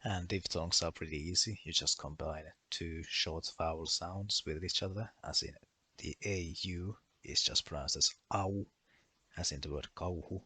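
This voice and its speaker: A man's voice: sits low, moderate pace, sharp tone, husky, no echo. A man narrating a language lesson as a voice-over, going through pronunciation rules methodically and listing one example after another. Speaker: language explainer.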